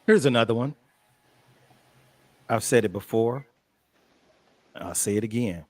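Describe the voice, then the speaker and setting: A man's voice: medium pitch, unhurried. A man on a casual panel talk, exasperated and repeating his point for emphasis.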